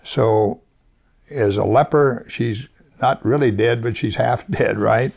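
A male preacher walks a congregation through scripture in an easy, talky way, pausing to ask questions of his listeners. His voice sits mid-range with a gravelly, fry-tinged edge. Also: medium pitch, a little mellow. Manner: conversational Bible teaching with rhetorical questions and chuckles. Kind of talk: sermon.

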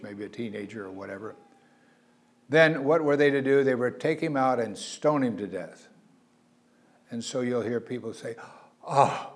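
Male preacher, mid-pitched, earnest sermon delivery with loud emphatic peaks and soft asides. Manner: earnest, varies loudness for emphasis, frequent uh fillers.

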